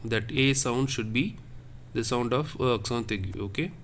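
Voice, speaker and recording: A man teaching a French lesson, speaking slowly and repeating words, checking in with "okay?". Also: medium pitch, a bit bright. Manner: slow, repetitive, checks with "okay?". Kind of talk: classroom lesson.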